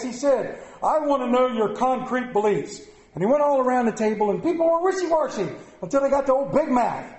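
A man preaching a lively sermon, telling stories with jokey asides. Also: high voice, roomy sound, rough recording. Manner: animated storytelling, jokey asides.

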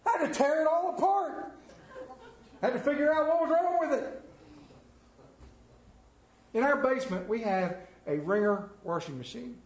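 A man's voice: very high-pitched, expressive, moderate pace, long pauses, slight background noise. A man giving a conversational sermon as a lay preacher, telling folksy, humorous stories about his week. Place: church sanctuary. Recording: roomy echo of a church.

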